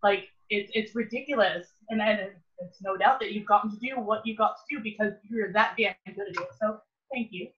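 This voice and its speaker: A woman's voice: mid-range voice, a little fast, muffled recording. A woman wrestler chatting casually on a video call, enthusiastic and emphatic.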